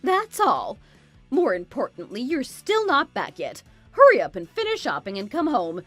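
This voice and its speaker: A woman's voice: medium pitch, big pitch swings, normal speed, dry recording, faint music behind. A woman voicing a domineering, spiteful older mother-in-law in a dramatized story, scolding and belittling. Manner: scolding, contemptuous, bossy.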